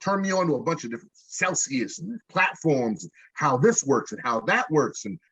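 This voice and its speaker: A man's voice: on the high side, expressive, normal speed, a bit bright, slightly rough, dry recording. A rapper being interviewed, telling a long story in a loose, jokey, profane way, stumbling and restarting as he goes. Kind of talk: casual storytelling. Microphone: video call. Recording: dull lo-fi video call audio.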